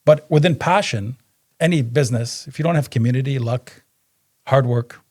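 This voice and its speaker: A business co-founder, appearing as a podcast guest, casually tells stories in an animated way and acts out the dialogue. He has a mid-range voice and speaks at a moderate pace, in the manner of a relaxed interview.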